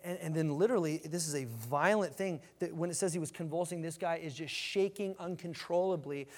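Pastor guy preaching, kinda high voice, big echoey church hall, keeps restarting his lines. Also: a little fast. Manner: animated preaching with repeated restarts. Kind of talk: sermon.

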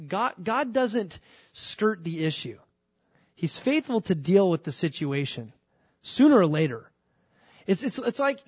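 A man preaching a sermon in a conversational, animated way, with restarts and asides. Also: sits high, no echo. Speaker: pastor.

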